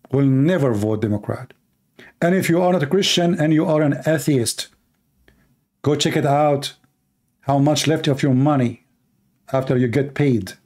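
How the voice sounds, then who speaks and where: This Middle Eastern man with an Arabic accent is a Christian preacher giving a fiery political sermon, driving his point home through emphatic, repetitive exhortation in short, punchy lines. His pitch is medium and his voice a little mellow.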